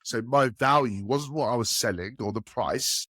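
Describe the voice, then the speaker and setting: Clean studio sound with no room ambience captures a man talking at normal speed. He's telling casual podcast stories from enterprise sales, animatedly voicing the quoted characters in a raised pitch.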